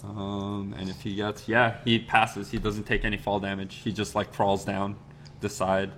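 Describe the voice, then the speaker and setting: A man with a low voice runs a tabletop game as its master, describing the action in a loose, rambling manner. He talks casually and lets out the odd chuckle, over a faint hiss. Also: flat delivery, a little slow.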